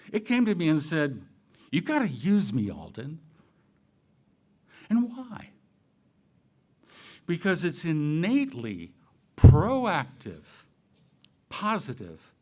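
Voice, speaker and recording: A man's voice: fairly high pitch, a little mellow. A man giving a sermon-style church talk, asking the audience questions and adding playful, jokey asides. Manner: asks the audience rhetorical questions. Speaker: church speaker.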